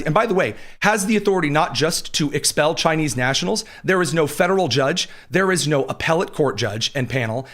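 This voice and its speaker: A man's voice: a little high, a bit bright. A man hosting a live political commentary show from a studio, combative and sarcastic, reading news quotes aloud between his own remarks.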